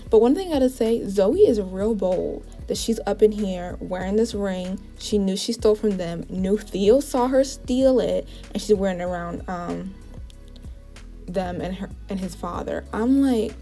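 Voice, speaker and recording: A woman gives a casual plot recap in a chatty, conversational way and fills it with "like" asides. Her voice is mellow and dark with a gravelly fry, and her pitch sits in the middle range. Faint music plays behind her. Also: animated, normal speed. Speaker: TV show reviewer.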